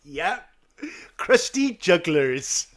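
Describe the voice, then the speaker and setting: Man, podcast co-host, casual chat, slightly high voice, very lively pitch, laughs a lot, sarcastic asides. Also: drawn-out words, slight background noise. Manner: animated, laughing, reads quotes aloud with sarcastic asides.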